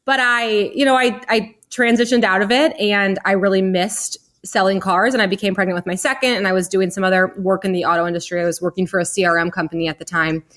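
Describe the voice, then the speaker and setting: Woman in her 30s on a podcast, chatty, says like a lot, mid pitch. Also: fairly even intonation, fast talker, hardly any pauses, fairly bright tone. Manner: chatty storytelling, frequent "like". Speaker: guest. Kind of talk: casual interview.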